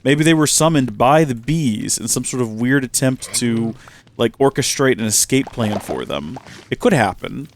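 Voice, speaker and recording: A chatty young man narrating his gameplay, swinging up and down through a lively, animated pitch. He mocks himself, scolds the creatures on screen and talks to the folks at home in an easy, playful way. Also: normal speed, a little hiss or hum. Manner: chatty, self-mocking, talks to his bees and the viewers. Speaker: Minecraft let's-play host. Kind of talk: casual gameplay commentary.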